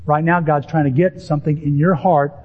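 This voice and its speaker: A pastor preaching a sermon to his congregation in an animated, emphatic way, lifting his voice on key words. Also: fairly high pitch, brisk. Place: church sanctuary with a congregation. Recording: dull, lo-fi sermon audio.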